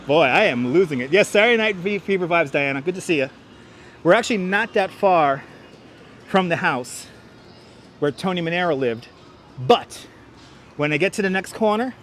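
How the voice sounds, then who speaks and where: A man's voice: on the high side, a bit bright, a little hiss or hum. A man hosting a live walking stream, chatting casually in a rambling way and often repeating himself, on a wireless clip-on mic outdoors. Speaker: livestream host. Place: outdoors on a city street.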